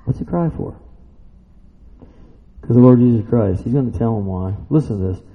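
A man preaching a sermon who swings from loud excited shouts to quiet low asides and keeps asking his listeners questions. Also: normal speed. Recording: dull sound with long reverb in a hall.

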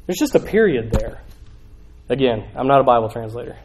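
A man's voice: medium pitch, animated, brisk, a little mellow, low-quality recording. A man preaching a casual sermon, conversational, acting out little voices as he tells the story.

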